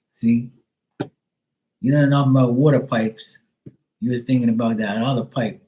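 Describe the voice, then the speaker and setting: A man hosting a casual live stream, cursing freely and joking with viewers, then softly soothing his dog. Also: on the low side, level tone, moderate pace, husky, rough recording. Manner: loose, profane, teasing banter with viewers. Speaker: live stream host reading chat.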